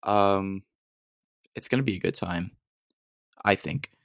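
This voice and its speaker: Young American man, gravelly low voice, dry close sound, rambling self-deprecating podcast talk. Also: slow, fairly bright tone, dry recording. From United States. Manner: rambling, self-deprecating, full of ums and restarts. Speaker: podcast host. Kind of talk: solo casual podcast monologue.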